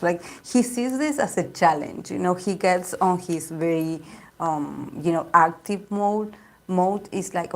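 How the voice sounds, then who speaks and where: A woman's voice: fairly low pitch, takes it slowly. A woman giving a casual tarot reading, rambling and repeating herself with lots of fillers. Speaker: tarot reader.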